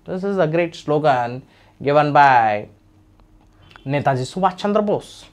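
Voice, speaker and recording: A man teaching a history lesson, slow and repetitive, often restating names and phrases. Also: a little high, animated. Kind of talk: history lecture.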